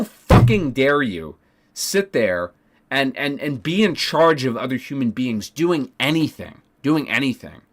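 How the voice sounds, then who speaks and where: A man's voice: medium pitch, very animated, measured pace. A man telling a story to his stream chat, ranting with heavy profanity and emphatic repeats. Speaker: Twitch streamer.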